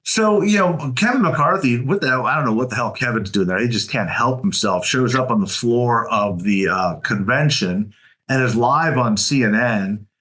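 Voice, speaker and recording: A man's voice: mid-range voice, moderate pace. A man co-hosting a political podcast, telling stories with relish in casual chat. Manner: lively storyteller, retells events with relish. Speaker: podcast co-host.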